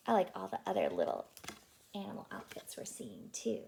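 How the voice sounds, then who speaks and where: A woman childcare teacher reading a picture book aloud to young children, asking them questions and dropping into a hushed whisper for suspense. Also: medium pitch, measured pace, vocal fry. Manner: animated, asks the children questions.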